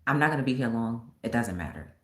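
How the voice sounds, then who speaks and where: A woman voicing a curt, dismissive man who is terminally ill and brushes others off flatly. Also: a bass voice, fast talker, reverberant, voice pushed down.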